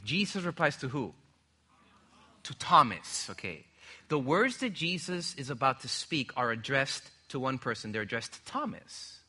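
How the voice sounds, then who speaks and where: A man's voice: fairly high pitch, sharp tone. A young man preaching a sermon, emphatic and drawing the congregation in with call-and-response questions. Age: young adult.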